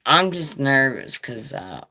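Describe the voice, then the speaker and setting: A woman live streaming in casual chat, with a raspy voice like a chain smoker's, talking in a nervous, rambling, profane way. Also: rumbling low, big pitch swings, slow pace, pushed and bright, slight background noise.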